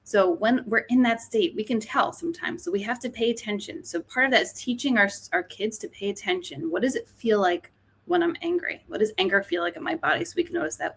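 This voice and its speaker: A woman's voice: medium pitch, animated, a little fast, fairly bright tone, husky. A woman, an author and teacher, explaining mindfulness in a podcast interview, often checking in with "right?". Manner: explanatory, frequent "right?" tags.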